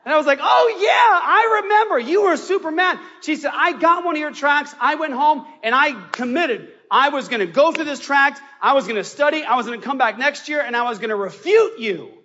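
A man's voice: very high voice, a little fast, few pauses, bright, forceful tone. A man preaching a sermon as pastor, telling a story with passion. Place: church sanctuary. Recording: lo-fi recording in a large reverberant church hall.

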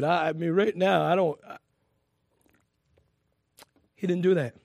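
A man preaching a sermon to a congregation, lively and emphatic, with frequent laughs and repeated phrases. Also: sits high, unhurried, long pauses, no echo, clean studio sound.

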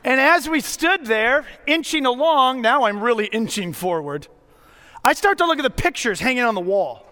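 A middle-aged man preaching a sermon as a pastor, telling stories in a conversational way with dramatic pauses. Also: very high voice, very animated, pushed and bright. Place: church sanctuary. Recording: long hall reverb.

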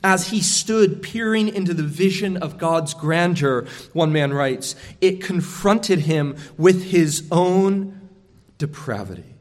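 A man with a slightly raised speaking pitch preaches in an earnest, emphatic manner, often doubling back on his words to press a point. His voice carries the long reverb of a big hall. The delivery is that of a pastor working through a sermon. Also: lively intonation, takes it slowly.

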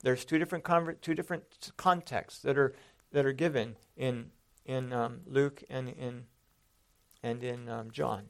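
A man's voice: medium pitch, steady tone, unhurried, gravelly. A man teaching a Bible sermon, explaining passages step by step and stressing quoted lines with emphatic rises.

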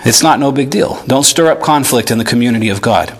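A man preaches in a church, earnest and animated. He reads scripture aloud and speaks straight to his congregation. His voice sits at an average pitch for a man. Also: fast talker, breathy edge. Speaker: pastor. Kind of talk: sermon. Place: church sanctuary.

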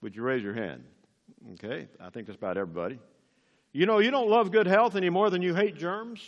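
A man's voice: sits high, lively intonation, brisk, big-room sound, highs cut off. An older man preaching a sermon as pastor, emphatic and rising on key words.

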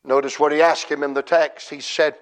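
A man preaching a sermon with passion, dropping to hushed murmurs and rising to shouted cries, stretching key words out slowly. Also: on the high side, flat delivery, rough recording. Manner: draws out words slowly for emphasis.

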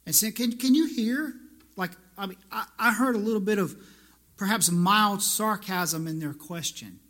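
A man preaching to his congregation in a church, with a high-pitched voice. His tone is bright and ringing. He talks like he is chatting with friends, then presses his point with emphatic, repeated phrases. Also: normal speed. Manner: conversational preaching, rising to emphatic repetition. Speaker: pastor. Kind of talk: sermon.

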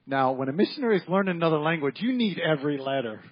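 A man's voice: on the high side, animated, very fast, husky, muffled recording. A man preaching an evening church sermon as pastor, folksy and repetitive, often acting out the voices of people in his stories. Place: church sanctuary.

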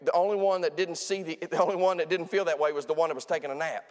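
Male preacher, high voice, emphatic and repetitive, hall reverb. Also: fairly even intonation, fast. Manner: emphatic, repetitive, with frequent restarts. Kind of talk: sermon.

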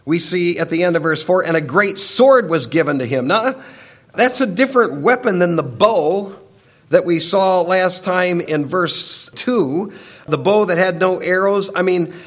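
A man preaching a sermon, emphatic and repeating key phrases for weight, now and then dropping low and quiet.

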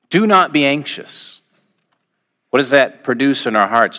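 A bright-voiced preacher man. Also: medium pitch, expressive. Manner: measured preaching with rhetorical questions and slow emphatic pauses. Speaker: pastor. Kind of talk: sermon.

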